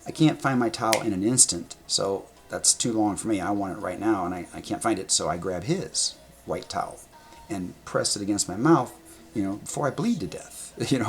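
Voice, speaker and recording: Sitting at a table indoors, a man with a lowish voice and some vocal fry tells stories straight to the camera in front of him. He's animated and rambling, using blunt sound words and swearing casually.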